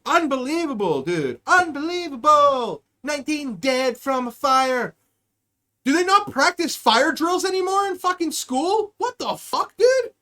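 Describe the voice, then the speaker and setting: A young-adult podcast host ranting sarcastically and profanely on a live stream, swinging between loud outbursts and mutters. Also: high voice, very animated, a little slow.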